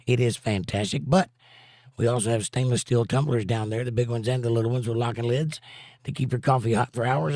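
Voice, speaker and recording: A man's voice: mid-range voice, darkish tone, no room sound, studio quality. A man hosting a casual livestream, joking around and reading viewers' chat messages aloud. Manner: jokey, reads chat aloud. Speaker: host.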